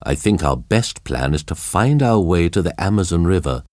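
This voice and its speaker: A man's voice: deep voice, animated, normal speed, a little mellow, no echo, clean studio sound. A man voicing an injured crash survivor who takes charge, speaking firmly and urgently in a storybook reading. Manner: firm, urgent. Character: steady injured male crash survivor leader.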